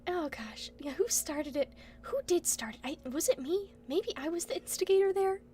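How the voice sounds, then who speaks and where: A woman's voice: very high-pitched, moderate pace, dark tone, a little hiss or hum. A young woman streaming, chatting casually, giggling often and hiccuping now and then. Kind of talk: casual chat.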